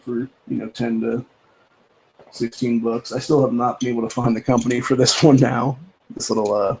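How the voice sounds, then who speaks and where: A man's voice: mid-range voice, creaky, darkish tone, a little hiss or hum, low-quality recording. A man hosting a livestream, talking in a rambling, profane, casual rant with lots of repeated filler phrases. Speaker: livestream host.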